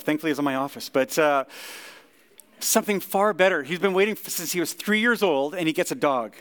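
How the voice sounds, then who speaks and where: Pastor, male, easygoing talky delivery, slightly higher voice, loose with ums and likes. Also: a little fast. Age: 30s or older. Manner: relaxed, chatty, many fillers. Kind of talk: casual conversational sermon. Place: church service.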